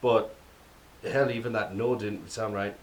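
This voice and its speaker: A young American man co-hosting a podcast in casual chat, rambling and jokey, often trailing off quietly. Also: on the low side, fairly even intonation, unhurried. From United States. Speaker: podcast co-host.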